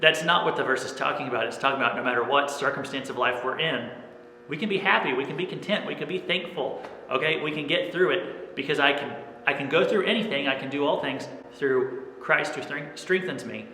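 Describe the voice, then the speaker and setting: Man, pastor, sermon, bright forceful voice, echoey room with long reverb. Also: fairly high pitch, fairly quick, slight background noise. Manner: earnest, repeats "okay?" often.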